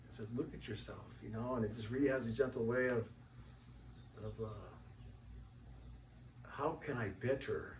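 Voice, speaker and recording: A man talking casually as an interview guest, rambling and animated and acting out the voices of people he quotes. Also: medium pitch, slight background noise. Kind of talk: casual conversation. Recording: roomy, distant mic, faint ambience.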